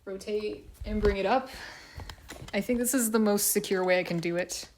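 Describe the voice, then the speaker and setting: A woman's voice: mid-range voice, moderate pace, darkish tone, reverberant, slight background noise. A woman chatting casually on a live stream from a laundry room, a bit congested and sniffly, nervous and self-deprecating.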